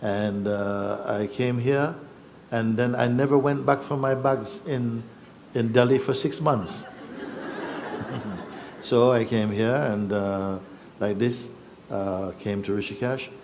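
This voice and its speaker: Guy telling his story slow and thoughtful, pauses a lot, faint hiss in the back. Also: mid-range voice, fairly even intonation, darkish tone. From Jamaica. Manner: reflective, unhurried, with pauses and restarts. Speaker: spiritual teacher. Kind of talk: personal storytelling.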